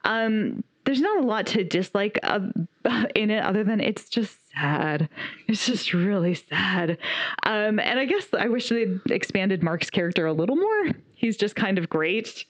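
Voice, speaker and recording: A woman's voice: mid-range voice, expressive, measured pace, dry recording. A woman co-hosting a podcast, retelling a film's story in casual chat with eager enthusiasm and frequent laughter. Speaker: podcast co-host reviewing a film. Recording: dull, dry lo-fi recording.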